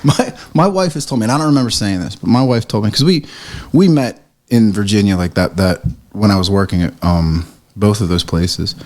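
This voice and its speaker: Middle-aged american guy, lowish voice, animated storyteller doing the quotes, swears a bit. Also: fairly quick. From United States. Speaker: podcast guest, print shop owner. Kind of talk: casual conversation.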